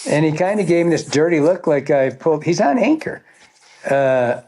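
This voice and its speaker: Guy telling rambly guide stories, lots of cussing and laughing, voice a bit on the high side. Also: animated, normal speed, mellow. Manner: rambling, profane, laughing storyteller. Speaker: fly fishing guide, podcast guest. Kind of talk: casual storytelling.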